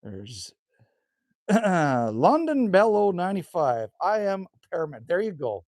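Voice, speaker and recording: A middle-aged Canadian man with a folksy, chatty delivery, tacking on "hey?" and "man" as he talks with his live chat. His voice sits a bit high and swings widely in pitch, a little hoarse, and the sound is close and dry with no room echo. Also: big pitch swings, measured pace, darkish tone. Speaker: livestream host reading chat. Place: rural cabin indoors.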